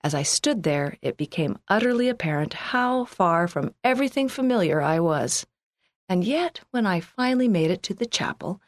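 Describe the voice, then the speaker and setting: Earnest low-voiced woman reading aloud. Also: no echo, clean studio sound. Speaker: reader of a church magazine article. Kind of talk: scripted first-person narration.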